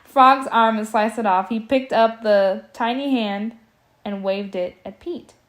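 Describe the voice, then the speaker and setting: In a casual, amateur audiobook reading, a young woman reads a horror story aloud, stumbling over words and interrupting with joking commentary. Her mid-range voice is unhurried and a little mellow.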